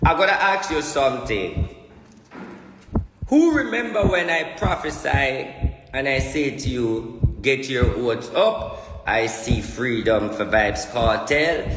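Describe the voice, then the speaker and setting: A man's voice: mid-range voice, animated, slow pace, music in the background. A Jamaican man speaks as a self-proclaimed prophet, pressing each point with emphatic repetition. The sound rings through an echoey room, with a long reverb tail after each phrase. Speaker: self-styled spiritual prophet. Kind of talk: ranting monologue.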